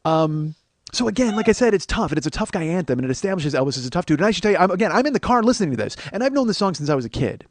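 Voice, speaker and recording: Male comedian host, rapid rambling profane riffing, slightly high voice, dry close sound. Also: big pitch swings, dry recording. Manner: profane, rambling, breaks into laughter. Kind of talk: comic monologue.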